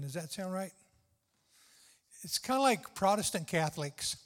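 A man's voice: high voice, unhurried, long pauses, fairly bright tone. An older man preaching a sermon with fervent, tender, repetitive emphasis. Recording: long hall reverb.

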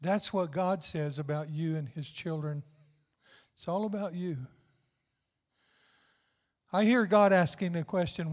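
A man's voice: sits high, unhurried, long pauses. An older man preaching a sermon with fervent, tender, repetitive emphasis. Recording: long hall reverb.

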